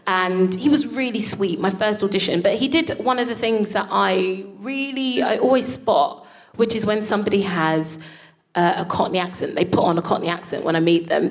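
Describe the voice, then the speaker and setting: A woman on stage tells comic anecdotes in a mid-pitched voice. Her delivery is animated, and she swears and laughs freely. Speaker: co-host. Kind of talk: comic storytelling before a live audience. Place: live stage.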